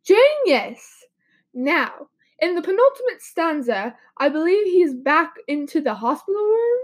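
Young woman, high voice, a little sick, earnest guest analyzing a poem. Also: very animated, normal speed. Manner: earnest, explanatory, with casual fillers. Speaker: podcast guest. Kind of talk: mock podcast poetry analysis.

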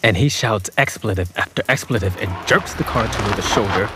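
A man's voice: fairly low pitch, a little fast, background noise, lightly acted. A young man narrating his own story in an audio drama, reflective and subdued. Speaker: narrator and lead character.

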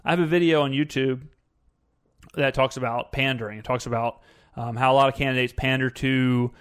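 A young man ranting casually, exasperated and animated, firing off rhetorical questions as a commentator. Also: medium pitch, a little fast, clean tone. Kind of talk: casual political rant.

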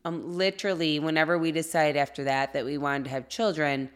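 A woman in her thirties tells a personal story in a relaxed, chatty way. Her voice sits a little low for a woman. She slips into the voices of the people in her story as she goes. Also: a little fast, clear, resonant tone. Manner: animated, acts out quoted reactions. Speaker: podcast co-host. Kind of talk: casual storytelling.

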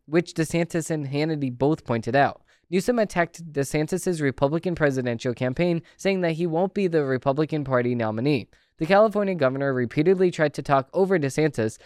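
A man's voice: fairly high pitch, smooth, no room sound, studio quality. A man hosting a podcast who reads news articles aloud and breaks in with opinionated, conversational asides. He sometimes stumbles and restarts words while reading. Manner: opinionated, conversational asides between read passages. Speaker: podcast host.

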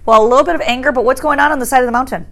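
A woman teacher reading a novel aloud to a class in a classroom, pausing to quiz her students. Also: sits high, a bit bright. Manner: reads steadily, breaks off to quiz students.

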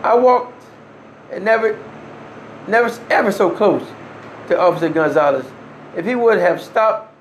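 A man's voice: sits high, measured pace, long pauses, slight background noise. A man telling a first-person story in an earnest, emphatic way, with short restarts and wry laughs. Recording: roomy echo.

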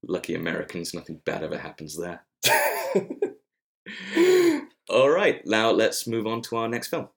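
A man's voice: low voice, fairly even intonation, moderate pace, gravelly, pauses often. A man hosting a film podcast in a wry, joking, casual way. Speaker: podcast host. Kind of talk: casual chat.

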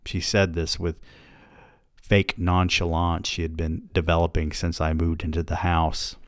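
A man hosting a podcast, reading first-person fiction aloud with measured, even narration. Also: low-pitched, no echo.

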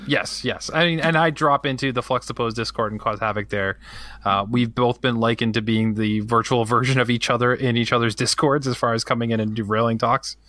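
A man's voice: mid-range voice, steady tone, sharp tone, no room sound. A man hosting a gaming podcast, bantering casually with his co-hosts and teasing them. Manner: jokey, quick to tease. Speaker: podcast host. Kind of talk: casual banter and show outro.

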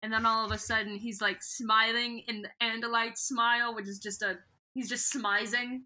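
A woman hosting a podcast, recapping a book in playful, animated casual chat and slipping into character voices. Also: a little high, normal speed. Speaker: podcast host.

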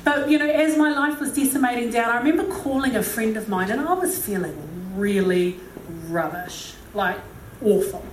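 A woman's voice: a little high, normal speed, distant mic. A middle-aged woman giving a humorous, self-deprecating talk, often laughing and acting out quotes. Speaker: speaker. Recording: echoey hall with faint noise.

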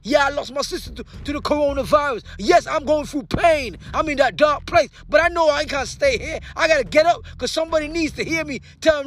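A man with a strikingly high voice delivers a motivational speech. He preaches with fervor, repeating rallying lines and swinging from shouting to a hushed, low murmur. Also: a little fast, hardly any pauses, soft background music. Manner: repetitive rallying phrases. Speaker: motivational speaker.

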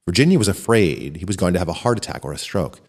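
A male storyteller reads a short story with a lively, rising and falling voice. He belts out the characters' shouts. The voice rings with a long reverb, as in a hall. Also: low voice, fast talker. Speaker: narrator. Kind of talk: scripted narration of a short story.

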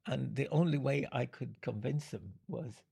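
An older man answering audience questions, explaining his points in an unhurried, halting way and chuckling between them. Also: mid-range voice, gravelly, mellow, breathy edge. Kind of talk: Q and A talk.

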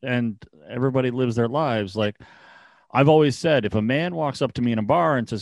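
A man's voice: medium pitch, fairly quick, gravelly, no room sound. A man in his forties telling rambling stories in a casual chat, often laughing. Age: 40s.

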